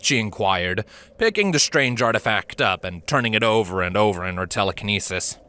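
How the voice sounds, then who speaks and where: A man narrating a fan story aloud in a lively, expressive storytelling manner. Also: lowish voice, brisk, clean tone. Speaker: reader.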